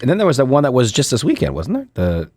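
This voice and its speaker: A man's voice: medium pitch, huge pitch swings, fast talker, darkish tone. A man co-hosting a talk show, chiming in casually and correcting himself as he goes. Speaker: co-host. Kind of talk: casual chat.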